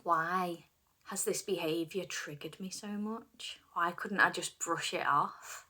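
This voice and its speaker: A middle-aged woman leading a guided tapping session, speaking slow repeat-after-me phrases and dropping some of them to a whisper. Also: lowish voice, steady tone, sharp tone. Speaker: tapping practitioner.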